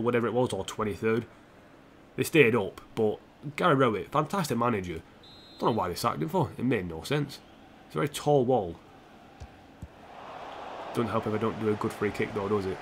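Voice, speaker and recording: A man commentates loosely on his football game, reacting to each chance and chatting with his viewers between plays. His voice sits at an ordinary middle pitch. Faint room noise hums under his home-stream sound. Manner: chatty, self-mocking, reacts to the match and answers chat. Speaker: streamer playing a football career mode. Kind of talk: casual live-stream commentary.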